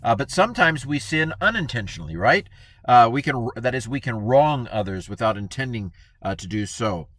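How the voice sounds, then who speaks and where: A man's voice: mid-range voice, animated, normal speed, fairly bright tone, no room sound. A man giving a casual Bible lesson in a chatty, playful way, acting out the people he quotes. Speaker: Bible teacher.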